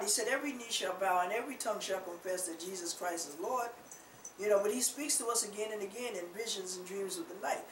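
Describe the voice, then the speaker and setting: Woman preaching from a distant, echoey mic. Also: medium pitch. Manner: conversational, many rhetorical questions, frequent "you know". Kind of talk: informal spoken sermon. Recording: roomy echo, distant mic, faint noise.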